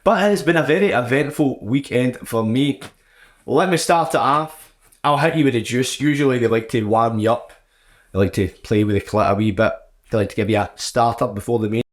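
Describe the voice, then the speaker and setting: A man's voice: mid-range voice, fairly quick. A Glaswegian man hosting a podcast in casual chat, full of crude jokes and swearing. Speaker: podcast host.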